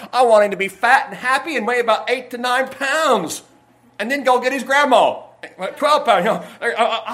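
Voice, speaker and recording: Male pastor, high-pitched folksy sermon voice, rambling, given to loud bursts. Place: church sanctuary.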